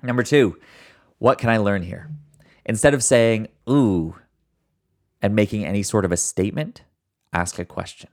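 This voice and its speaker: Host, male, low gravelly voice, earnest motivational coach speaking straight to the audience. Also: animated, darkish tone. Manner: earnest, encouraging, addresses listeners directly; fast talker who deliberately slows down at times. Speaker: podcast host. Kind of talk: motivational solo podcast talk.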